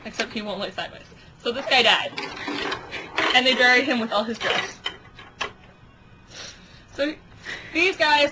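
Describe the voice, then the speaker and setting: A woman casually narrating a made-up story with toy ducks, rambling with giggly asides. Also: fairly high pitch. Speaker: storyteller with toys. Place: home. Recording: home video with noisy hiss.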